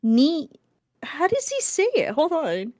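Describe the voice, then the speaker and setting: A woman's voice: high-pitched, wildly swooping pitch, slow, a little mellow, no room sound, studio quality. A woman guesting on a podcast, playful and giggly, teasing as she chats. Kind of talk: casual chat.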